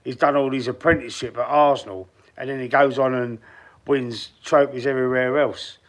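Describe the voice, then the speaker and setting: A man's voice: medium pitch, steady tone, moderate pace. A man from London's East End with a Cockney accent, chatting on a football fan live stream and reading out viewers' comments. He rambles a little and restarts his sentences. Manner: speaks straight to chat viewers by name.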